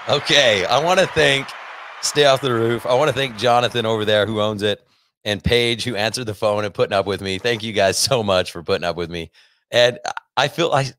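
A man's voice: on the low side, a bit bright, no echo, clean studio sound. A man hosting a business podcast, talking casually and energetically, often repeating himself. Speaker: podcast host and business coach. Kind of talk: casual monologue.

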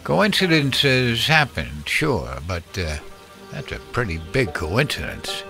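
A man voicing a wary, weathered older farmer uncle with a gravelly, slow, musing voice. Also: mid-range voice, huge pitch swings, over music, heavily acted.

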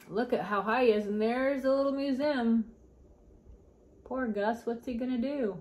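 A woman's voice: a little high, normal speed, a little mellow. A woman reading a children's picture book aloud, adding chatty asides about the pictures for young listeners. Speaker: storybook reader.

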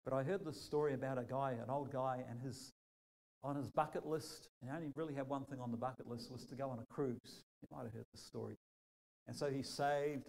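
A male pastor with a New Zealand accent preaching a sermon, telling stories and acting out quotes in a lively way. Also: medium pitch, rough recording.

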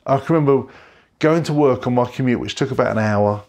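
Earnest middle-aged male pastor, gravelly. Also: mid-range voice, a little fast, a little mellow. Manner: earnest, repeats phrases for emphasis. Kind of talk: online sermon. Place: home bedroom.

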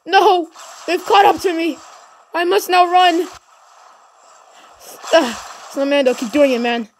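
Though she takes it slowly, this high-pitched female gaming host narrates with bursts of energy, shouting encouragement to her teammate and cheering when the action heats up. Faint background noise hums under her voice.

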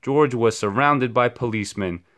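A man's voice: medium pitch, moderate pace, a bit bright. Man reading a children's story aloud.

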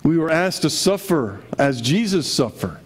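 A man's voice: fairly high pitch, sing-song, moderate pace, slightly rough. A man preaching a sermon to his congregation in a conversational way, often asking rhetorical questions. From Connecticut. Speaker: pastor.

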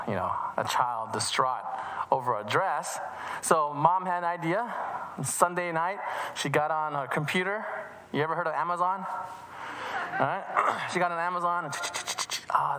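A man tells a children's story at church and acts out the voices as he goes. He talks in an animated way and often restarts his sentences. His voice is bright and forceful, with a long reverb from the hall. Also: on the high side.

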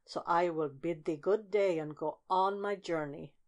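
A woman voicing a small, cheerful and wary male robin who talks in a chirpy, polite way and turns down offers quickly. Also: lowish voice, a little mellow, natural voice.

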